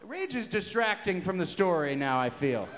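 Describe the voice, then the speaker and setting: A man on stage telling a loose, profane story between songs, with bursts of shouting. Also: high-pitched, sing-song, normal speed. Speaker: comedy band frontman. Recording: live hall reverb, faint noise.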